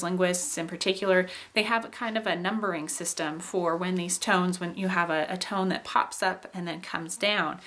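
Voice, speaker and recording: A woman teaching as she explains patiently, often saying "um" and "okay," and demonstrating phrases with exaggerated rises and falls in pitch. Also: fairly bright tone. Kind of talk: explaining English intonation.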